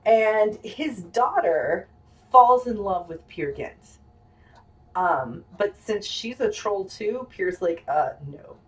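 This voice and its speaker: A woman's voice: mid-range voice, lively intonation, slow pace, far from the mic, rough recording. A woman giving a casual music lesson, chatty and full of ums and restarts, with playful asides and piano playing between her words. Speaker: music teacher.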